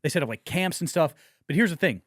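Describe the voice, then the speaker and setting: A man on a podcast with a high, bouncing voice that jumps all over as he tells stories. He is animated and swears freely, and he shouts out the lines he quotes. The sound is close and dry. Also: quick pace, no echo. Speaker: podcast co-host. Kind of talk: casual podcast banter. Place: podcast studio.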